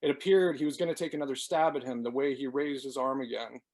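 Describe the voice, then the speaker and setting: A man, the author, reading his novel aloud in a steady, measured way. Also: medium pitch. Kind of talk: dramatic book reading.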